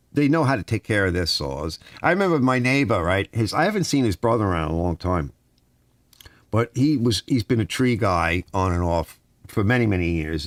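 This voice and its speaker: A man's voice: on the low side, no room sound. A middle-aged man hosting a casual live stream, reading chat comments aloud and telling long rambling stories with lots of "you know" and "right?".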